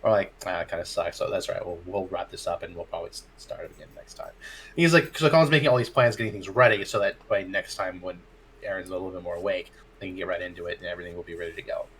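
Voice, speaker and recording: A man's voice: deep voice, fast, a little hiss or hum. Laughing man telling a game-table story. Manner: animated anecdote, acts out players' lines, laughs often. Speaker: dungeon master. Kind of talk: casual storytelling chat.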